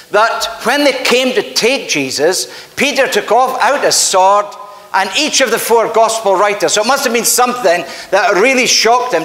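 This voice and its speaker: In a church sanctuary, a Scottish-accented pastor preaches a sermon in a high, slightly bright voice, telling stories earnestly and emphatically. The echoey hall gives long reverb.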